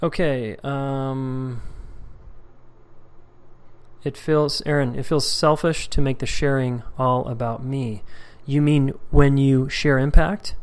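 A man's voice: medium pitch, fairly even intonation, slow, smooth. Casual, candid male coach. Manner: casual, candid, reads out members' comments; acts out little dialogues with shifting voices. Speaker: coach leading a members' group call. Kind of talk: live coaching call with Q&A.

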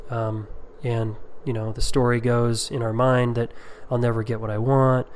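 A man's voice: medium pitch, little pitch movement, moderate pace, a little mellow, slight background noise. A middle-aged man teaching a class on emotional repair in a conversational, rambling way with many ums and asides.

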